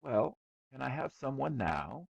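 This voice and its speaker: A man's voice: mid-range voice, sing-song, unhurried, creaky, breathy edge, no room sound, voice pushed up, heavily acted. Man doing a whiny bored schoolboy. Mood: sulky pleading. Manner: whining, emphatic pleading. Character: sulky bored schoolboy, stubborn and indignant.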